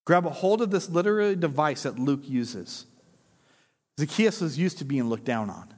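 A man preaching a sermon in a lively, conversational way, joking with the congregation and acting out quotes. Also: on the high side, normal speed, long reverb tail. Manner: animated, conversational preaching with jokes and acted-out quotes. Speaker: pastor.

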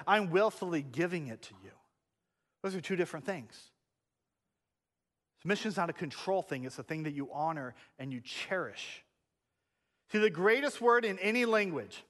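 A man in his thirties preaching a sermon in a church, animated and shifting between hushed and loud delivery. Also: a little high, big-room sound. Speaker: pastor. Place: church sanctuary.

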